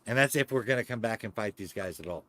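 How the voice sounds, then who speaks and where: A man playing a tabletop game, talking strategy in a halting way, repeating words as he thinks. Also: fairly low pitch, lively intonation, pushed and bright, no echo. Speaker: player. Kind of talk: casual chat in a tabletop game.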